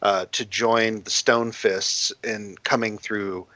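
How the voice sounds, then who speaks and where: A man voicing a guarded woman scout in a tabletop game, speaking in a hesitant, halting way. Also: on the low side, level tone, pushed and bright, dry recording. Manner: hesitant, halting delivery with restarts. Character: wary young woman scout, guarded and dry.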